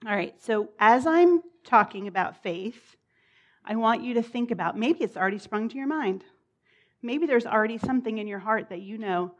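Chatty woman preacher with a higher voice. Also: animated, moderate pace. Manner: warm, chatty and informal, with laughs and asides. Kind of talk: sermon.

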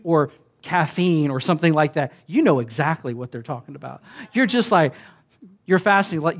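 A man preaching in an easygoing, conversational way, like he's talking to friends. His voice sits a bit high for a man, and he breaks into exaggerated voices when quoting others. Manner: conversational, acts out quoted voices with big pitch jumps. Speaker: pastor. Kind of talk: sermon.

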